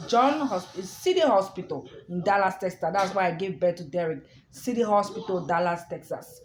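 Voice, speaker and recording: A woman's voice: on the low side, expressive, moderate pace, a little hiss or hum. A woman telling a personal story in a casual, repetitive and emphatic way. She often stops to ask the listener "understand?". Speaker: storyteller recounting her own experience. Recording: echoey room with faint music.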